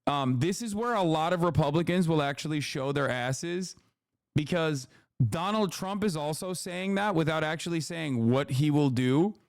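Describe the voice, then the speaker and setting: A man's voice: on the high side, moderate pace, dry recording, studio quality. Profane, sarcastic male political streamer. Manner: profane, sarcastic, mocking impressions. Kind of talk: live-stream reaction commentary.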